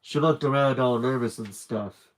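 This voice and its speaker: Male reader, steady plain narration for a children's book, mid-range voice. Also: mid-range voice, normal speed. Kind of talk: live read-aloud of a children's book.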